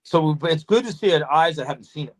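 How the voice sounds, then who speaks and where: A man hosting a casual podcast chat, telling animated stories, swearing freely and acting out conversations. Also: on the high side, a little fast. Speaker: podcast host, snake breeder.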